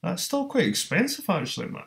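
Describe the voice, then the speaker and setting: A man with a Scottish accent, hosting a casual online hangout from his council flat, blunt and sweary, calling people man and mate. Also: high-pitched, fairly quick, gravelly. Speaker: host. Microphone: video call.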